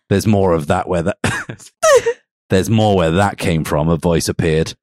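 A man's voice: deep voice, slow, darkish tone, no echo, clean studio sound. A man co-hosting a podcast, giving a mock-serious comic reading of fan fiction. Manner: mock-serious storytelling, breaks into laughter. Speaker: podcast co-host.

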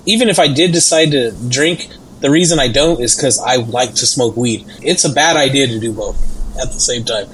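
A man's voice: medium pitch, moderate pace, a bit bright, rough recording. Young guy on a chill podcast, explains stuff loosely, lots of likes and ums. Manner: easygoing, explains with many fillers. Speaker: podcast co-host. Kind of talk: casual chat.

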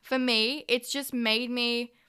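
Bright, sweary Australian woman. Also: on the high side, steady tone, slow pace, clean tone. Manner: chatty, candid and sweary, acts out her own reactions. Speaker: podcast host. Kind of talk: casual solo podcast monologue.

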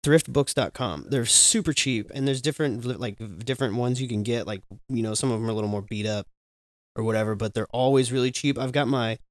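Male podcast co-host, mid-pitched, joking and profane, dry close mic. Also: fairly quick, no room sound. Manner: loose, profane, rambling and joking. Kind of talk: casual podcast chat.

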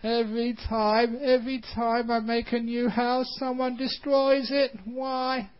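A man's voice: very high voice, little pitch movement, unhurried, clear, resonant tone, muffled recording, pitched above the performer's own voice. A man voicing a sad, hungry, tired male spider who complains that life is unfair. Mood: plaintive. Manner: whining, self-pitying.

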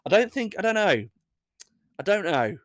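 A man's voice: high-pitched, very animated, normal speed, fairly bright tone, no echo, studio quality. A young English man hosting a casual show, reading odd news stories and rambling through jokey asides that he laughs at. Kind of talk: casual chat.

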